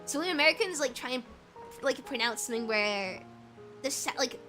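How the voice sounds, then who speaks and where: A woman's voice: sits high, animated, fairly quick, music in the background, low-quality recording. Rambling British woman streamer. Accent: British English. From Britain. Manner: rambling, many fillers. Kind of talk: casual game-stream chat.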